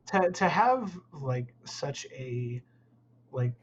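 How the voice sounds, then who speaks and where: A man talks as an interview guest, rambling through fillers and letting phrases fade out quietly. His voice comes through a dull, slightly lo-fi line with a faint hiss behind. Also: a little high, sing-song, very slow. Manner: rambling, filler-heavy, trails off softly. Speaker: guest concept artist. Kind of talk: casual interview chat.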